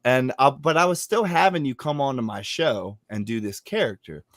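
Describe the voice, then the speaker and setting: A man hosting a podcast, telling stories in animated casual chat and swearing often. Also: medium pitch, moderate pace, dry recording, studio quality. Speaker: podcast host.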